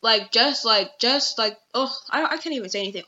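A young woman with a fairly high, expressive voice talks quickly in a pushed, bright tone as she hosts a casual podcast from home. Her commentary rambles, full of fillers and restarts. The lo-fi recording sounds dull, with faint noise underneath.

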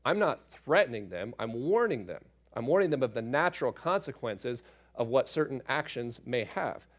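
A man, a father, teaching through a Bible passage in a relaxed, conversational way, with asides and fillers as he explains. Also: mid-range voice, normal speed. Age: adult parent.

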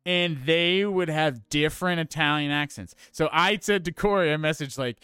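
A man co-hosting a casual movie review chat, ranting in an animated, profane, exasperated way. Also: on the high side, normal speed, few pauses, smooth, no echo, studio quality. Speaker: podcast co-host.

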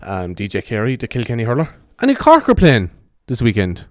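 This Irish podcaster's medium-pitched voice swoops wildly as he talks briskly in a half-whispered ASMR style. He roams his bedroom with a handheld mic, rambling, chatty and freely profane, always soft and hushed. The recording is dry and studio quality.

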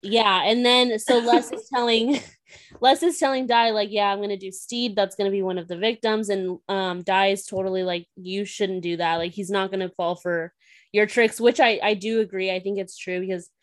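A young woman chatting casually about a book she's reading, talking fast with lots of fillers and laughter. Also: mid-range voice, steady tone, no echo. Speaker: book discussion host. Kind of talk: casual book club chat.

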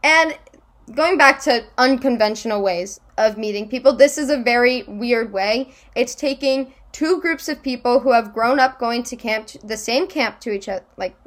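A woman's voice: on the high side, moderate pace. A young woman chatting casually, telling stories with lots of fillers and laughter. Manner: giggly, animated storytelling with many fillers. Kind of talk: casual chat.

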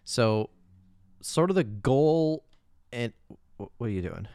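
A man's voice: mid-range voice, lively intonation, slow, a little mellow, dry recording, clean studio sound. A man co-hosting a podcast, casually chatting about a movie, laughing often and filling with "like.". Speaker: podcast co-host.

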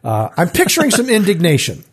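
A man's voice: sits high, fairly quick, breathy edge. A man co-hosting a casual Bible study talk, reading verses aloud and acting out the quotes with feeling. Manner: animated, acts out scripture quotes with rising voice. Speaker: podcast co-host.

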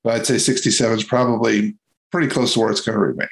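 A man's voice: mid-range voice, steady tone, quick pace, poor audio. A man hosting a casual movie review chat, rambling and hesitant with many fillers and restarts.

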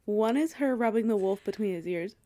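A woman's voice: medium pitch, animated, a little fast, mellow. Female podcast co-host, mid-range voice, loose and profane in casual banter. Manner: reactive, swears freely, laughs easily. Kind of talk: casual chat.

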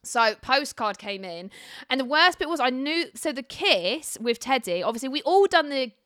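A young woman from Devon sits in as a podcast guest and tells candid, sweary stories in casual chat. Her voice sits a little high and sounds bright and tense. It stays smooth and crisp, with a dry sound and no room echo. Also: big pitch swings, moderate pace. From Devon, England.

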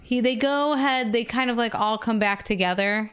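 Female podcast co-host, casual chat, laughs often, smooth and clear voice. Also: on the high side, normal speed, a bit bright. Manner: laughing often, filling in details.

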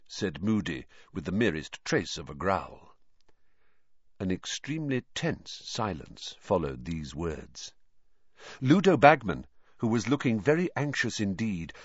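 A man narrating an audiobook in an expressive storytelling manner. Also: on the low side, a little slow, slightly rough, no echo. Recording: dry, slightly dull lo-fi.

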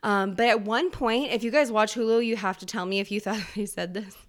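A woman in her thirties hosting a solo podcast, ranting in a fast, profane, animated way. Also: mid-range voice. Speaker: podcast host.

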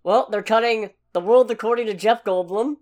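A woman's voice: on the high side, normal speed, a little mellow. A woman co-hosting a podcast, chatting casually with a sarcastic, ranting edge. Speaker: podcast co-host. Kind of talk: casual chat.

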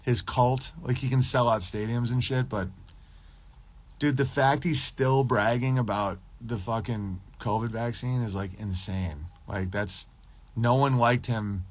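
Speaking a little slowly in a mid-range voice, a man delivers a rambling, profane livestream monologue for his podcast. He drifts between topics, answers chat, and mocks people through impressions.

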